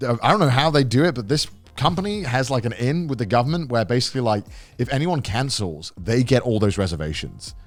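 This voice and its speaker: Animated man telling a story. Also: mid-range voice, fast. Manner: animated, swearing, acts out quotes. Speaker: podcast co-host. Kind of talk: casual storytelling chat.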